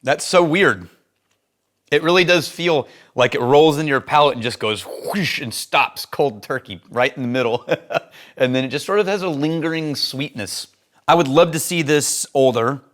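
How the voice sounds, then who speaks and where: A lively, outspoken man chatting through a whisky tasting in a casual vlog. He laughs easily, jumps between tasting notes and blunt opinions, and speeds up when he goes off on a tangent. His voice sits at an ordinary middle pitch for a man. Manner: animated, opinionated, laughs often, speeds up in asides. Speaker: whisky reviewer and host.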